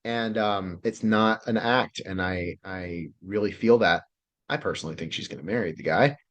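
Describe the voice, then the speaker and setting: Man with a lowish voice, relationship coach, loose, profane and excitable delivery, video-call sound. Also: moderate pace. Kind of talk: casual online class presentation.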